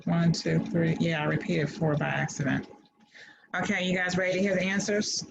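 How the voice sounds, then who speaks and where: A woman tutoring a class over a video call, reading answers in a patient, steady way. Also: fairly low pitch, normal speed, vocal fry. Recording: dull video-call audio.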